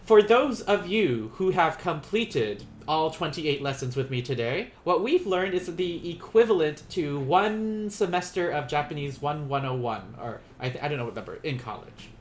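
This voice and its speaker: Animated, chatty man teaching a live lesson. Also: on the high side, slight background noise. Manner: chatty, self-correcting, quick to laugh. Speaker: Japanese teacher. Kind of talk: live-streamed beginner language lesson.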